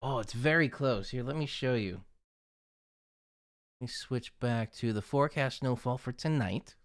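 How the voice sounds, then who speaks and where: A man's voice: mid-range voice, a little slow. A man hosting a casual weather livestream, chatting with viewers and reading snowfall forecasts aloud off his screen.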